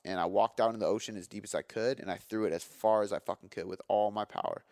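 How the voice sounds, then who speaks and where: A man in his thirties hosting his own podcast, telling a personal story in an energetic, emphatic way, with fillers and some swearing. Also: on the low side, fast talker, creaky, dry recording, clean studio sound. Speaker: podcast host. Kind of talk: candid storytelling.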